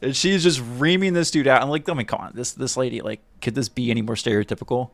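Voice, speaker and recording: A man hosting a live stream, giving an animated, mocking, profane running commentary on a video. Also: mid-range voice, fast talker, dry recording.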